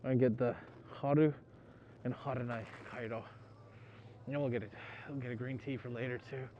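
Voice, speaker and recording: A man's voice: mid-range voice, steady tone, fairly quick. A man vlogging a rainy motorcycle trip in a loose, chatty way, swearing freely and talking to the camera while soaked and chilled. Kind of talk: casual vlog talk to camera. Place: outdoors on a motorcycle and inside a convenience store. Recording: dull lo-fi audio with wind and road noise.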